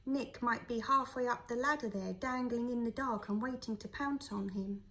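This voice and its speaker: The poor audio captures a teacher narrating a children's novel for her class. Her somewhat high voice stays clear and steady, never hurrying through the story.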